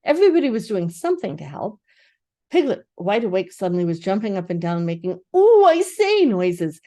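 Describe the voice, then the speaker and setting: An older woman, a grandmother, reading a children's book aloud with expressive storytelling. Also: lowish voice, a little fast.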